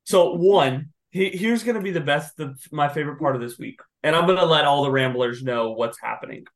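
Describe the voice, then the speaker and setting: Slightly high-voiced man, casual co-host. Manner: chatty, quick reactive interjections, playful teasing. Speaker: podcast co-host. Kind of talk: casual chat.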